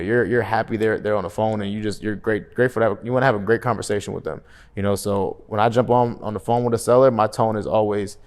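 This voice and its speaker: A man with a fairly low voice talks straight to the viewer as a sales coach. He is emphatic and lively, and he leans into his examples. Now and then he acts out a phone call in a different tone. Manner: energetic, emphatic, repeats "right?"; acts out phone calls in shifting tones. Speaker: real estate sales coach. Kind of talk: motivational coaching talk.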